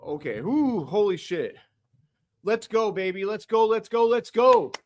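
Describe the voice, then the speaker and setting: A young man hosting a sports podcast, reacting live with euphoric, profane excitement and lots of repetition. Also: high voice, unhurried, a little hiss or hum. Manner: euphoric, swearing, repeating himself.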